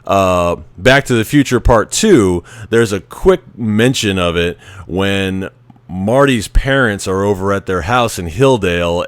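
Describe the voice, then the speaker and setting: A man's voice: lowish voice, no room sound. A man hosting a show, chatting casually about a film, rambling and often restarting his sentences. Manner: rambling, restarts often, acts out quoted lines. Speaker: podcast host. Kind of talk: casual movie commentary.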